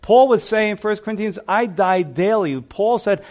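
A man's voice: high voice, animated, measured pace, a little mellow. A man preaching a sermon, earnest and emphatic as he reads scripture aloud.

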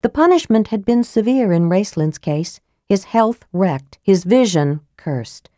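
A woman narrating a fantasy audiobook in a measured, grave storytelling manner, close to a studio microphone. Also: medium pitch, lively intonation, warm tone, dry recording.

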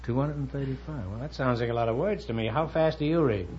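A man hosting a quiz show, teasing contestants with quick mock-serious one-liners. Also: mid-range voice, a little mellow. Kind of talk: wisecracking quiz show banter. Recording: dull lo-fi archival broadcast with hiss.

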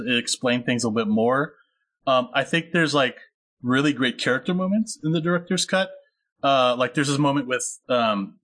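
A man in a casual film podcast, mid-pitched and steady, who rambles through thoughts with plenty of fillers and false starts. He talks in an earnest, personal way. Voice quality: rambling with many fillers and restarts. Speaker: podcast co-host discussing a film. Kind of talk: casual chat.

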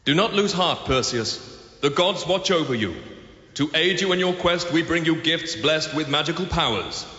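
A man's voice: on the high side, animated, moderate pace, bright, forceful tone. A man playing Zeus, the lofty, commanding king of the gods, in a radio comedy sketch, with a grand declaiming delivery. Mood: regal. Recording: dull lo-fi roomy radio recording.

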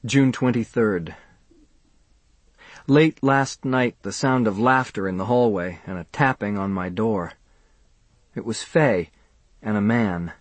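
A man reading a first-person audiobook in a measured, subdued way. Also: fairly low pitch, no room sound. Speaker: audiobook narrator.

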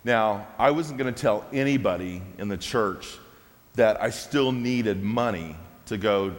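A man shares a testimony from the pulpit, telling it as a lively story and laughing at his own moments. His voice sits a little low. Long reverb from a large hall trails every phrase. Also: measured pace. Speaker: preacher sharing a testimony.

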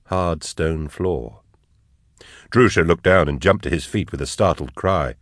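A man reading an audiobook in an even, measured way. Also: low voice, no echo, studio quality. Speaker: audiobook narrator. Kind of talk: scripted audiobook narration.

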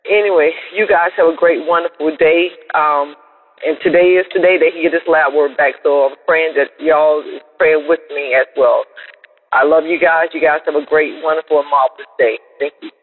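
An older man asks for prayer in an earnest, halting voicemail full of fillers. His voice is slightly husky and pitched a bit high. The phone line is thin and echoes. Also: steady tone. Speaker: caller. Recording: tinny phone line with reverb.

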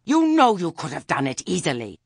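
A man putting on a shrill, haughty witch. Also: animated, moderate pace, pushed and bright, slightly rough, no room sound, studio quality, exaggerated voice. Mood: shrieking. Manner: imperious, indignant.

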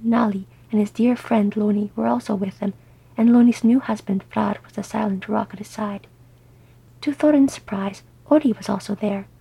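A woman narrating a story aloud, soft and often whispery. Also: medium pitch, gravelly, husky. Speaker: audiobook reader.

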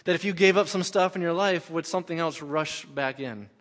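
A man's voice: a little high, a little fast, fairly bright tone. A middle-aged man, a pastor, preaching a sermon in a conversational way, repeating key phrases for emphasis. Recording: long hall reverb.

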